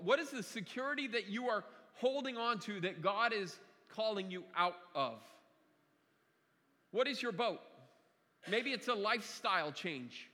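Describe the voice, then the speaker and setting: High bright-voiced male preacher in a hall. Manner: conversational, repeats key phrases, stumbles and restarts. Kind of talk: sermon. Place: church sanctuary.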